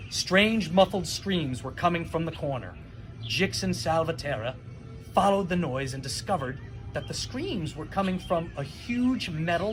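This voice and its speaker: A male teacher telling a playful, animated superhero story as a graduation speech. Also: a little high. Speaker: school teacher.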